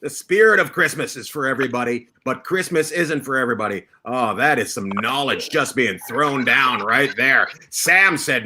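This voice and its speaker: A man hosting a comedy game show over a video call, teasing and swearing with excitable energy as he hands out points. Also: mid-range voice, a little slow, few pauses, slight background noise. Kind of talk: loud joking banter, giving out points.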